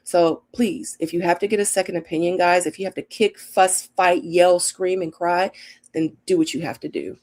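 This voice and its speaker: Her voice is on the low side and darkish, with a steady tone and normal speed. This middle-aged woman hosts an easygoing live Q&A, reading comments from viewers and telling stories emphatically, acting out what people said.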